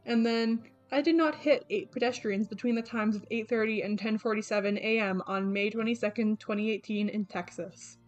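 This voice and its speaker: A woman's voice: medium pitch, fairly even intonation, normal speed, few pauses, highs cut off. A young woman talking through her sketchbook in a casual, rambling way, with lots of fillers and self-corrections. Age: young adult. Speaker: artist vlogger. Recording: faint background music. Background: background game music.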